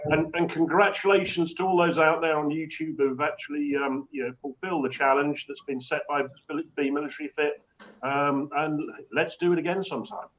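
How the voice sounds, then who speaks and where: A charity guest speaks on a video call, gushing thanks and stammering as he starts his sentences. His voice is slightly high, and the sound is dull and lo-fi. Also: level tone, brisk, a bit bright, a little hiss or hum. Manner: effusive, grateful, stammers into phrases. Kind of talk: casual video-call chat.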